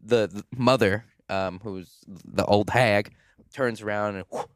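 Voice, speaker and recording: A man's voice: lowish voice, steady tone, unhurried, no room sound. A man co-hosting a casual movie review, plainly recounting the plot and chiming in with jokes. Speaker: co-host of a movie review show.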